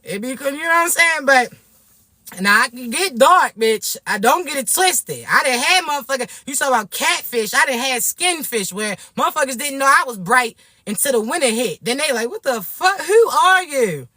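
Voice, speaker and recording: A woman from Florida, ranting to camera in a brash, profane, animated way. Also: high voice, normal speed, no echo, clean studio sound. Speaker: vlogger. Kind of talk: casual rant to camera.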